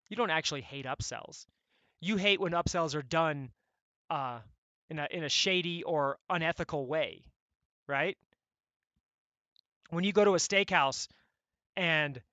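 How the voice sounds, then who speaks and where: A man coaching members on online sales funnels, talking in an energetic, blunt, conversational way and often checking in with "right?". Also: fairly high pitch, dry recording. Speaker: e-commerce coach.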